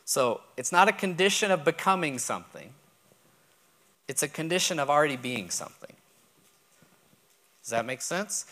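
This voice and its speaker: A man's voice: on the high side, expressive, normal speed, long pauses, sharp tone. A man from Texas with a Texan accent, preaching and teaching, who repeats key points and checks that listeners follow. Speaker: pastor. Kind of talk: sermon teaching.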